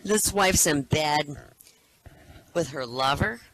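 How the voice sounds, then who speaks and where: Brief: animated male comedian, bright voice. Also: on the high side, slow pace, slight background noise. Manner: animated storyteller, laughs at own jokes. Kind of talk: telling jokes.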